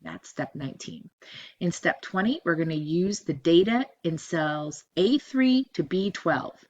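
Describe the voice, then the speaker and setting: A woman with a lowish voice narrates a screen-recorded spreadsheet tutorial, giving step-by-step instructions and repeating each cell range. The recording is a little dull and lo-fi. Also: expressive, measured pace. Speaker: teacher.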